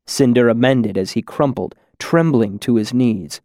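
A man narrating a fantasy story in a measured, deliberate reading. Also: medium pitch, darkish tone, no room sound, clean studio sound. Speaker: audiobook narrator.

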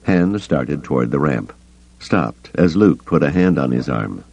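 A man reading a novel aloud as an audiobook, expressive and voicing the characters, on a dull, lo-fi cassette recording. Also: a bass voice, a little slow, vocal fry, slightly rough, no room sound. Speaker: audiobook reader. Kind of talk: scripted narration.

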